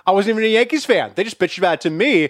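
A man's voice: high voice, lively intonation, very fast, no room sound, studio quality. A man hosting a podcast, chatting casually, joking and swearing as he runs a quiz segment. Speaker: podcast host.

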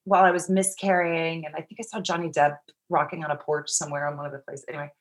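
A woman's voice: low voice, level tone, quick pace. Rambling, foul-mouthed middle-aged woman. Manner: rambling, profane, heavy use of "like". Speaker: guest. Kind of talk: casual interview storytelling.

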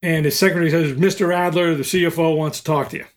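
Older male podcast guest, lively storyteller with a fairly high voice. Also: quick pace. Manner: animated storyteller, acts out quotes. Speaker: recruiting expert guest.

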